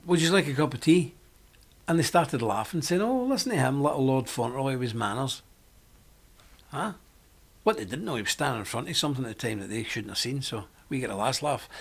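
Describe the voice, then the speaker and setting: Chatty man, fairly high voice. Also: fairly bright tone. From Britain. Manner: rambling, chatty, frequent laughs. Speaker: host. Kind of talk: live-stream monologue.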